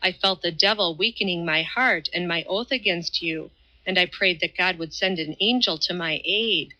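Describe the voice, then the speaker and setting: Audiobook role: woman reading a zealous Highland duelist, solemn and preachy, slightly low voice. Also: moderate pace, pushed and bright, low-quality recording. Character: fierce devout Highland swordsman, grown man.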